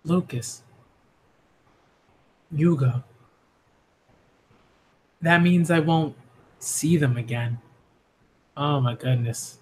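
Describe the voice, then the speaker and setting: A man reviewing a manga chapter, reading the panels aloud and reacting live, swinging between loud cheering and hushed reading. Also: medium pitch, slight background noise.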